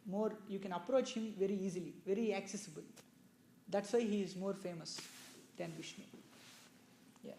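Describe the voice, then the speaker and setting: A mellow, soft-edged male voice explains old scripture in an easygoing, unhurried way, leaning on casual asides. The sound rings a little off the walls of an indoor room, with a faint hum underneath. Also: high voice, fairly even intonation. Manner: loose, explanatory, with many "you know" asides. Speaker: religious storyteller. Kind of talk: conversational scripture discourse with questions. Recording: echoey room.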